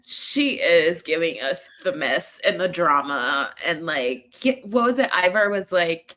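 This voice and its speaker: A woman's voice: on the low side, animated, measured pace, hardly any pauses, sharp tone. A woman co-hosting a podcast, chatting expressively and acting out quotes as she recaps a reality show. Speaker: podcast co-host. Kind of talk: casual recap chat.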